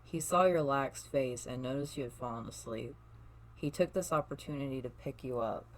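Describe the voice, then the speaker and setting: A storyteller reading a second-person fan story aloud, soft-spoken, with small slips and restarts. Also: mid-range voice, moderate pace, low-quality recording. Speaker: fan fiction reader.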